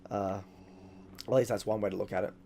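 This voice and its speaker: A man talking casually over a video game he is playing, excitable and rambling, swearing often. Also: on the low side, a little fast, vocal fry, slight background noise. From Australia. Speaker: gaming YouTuber. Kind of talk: casual let's-play commentary.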